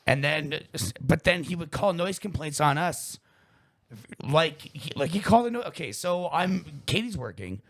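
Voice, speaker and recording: A young man tells a story on a casual podcast, and his pitch rises and falls widely as he gets into it. He swears freely and acts out the people in his story. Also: a little slow. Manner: animated storyteller, swears a lot, acts out quotes. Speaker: podcast host.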